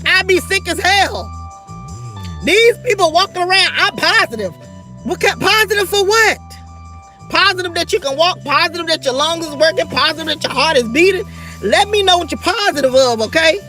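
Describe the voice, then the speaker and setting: A woman's voice: very high voice, lively intonation, normal speed, sharp tone, faint music behind. A middle-aged woman, ranting fierily and profanely on her livestream and talking straight to her viewers. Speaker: livestream host. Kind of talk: livestream rant.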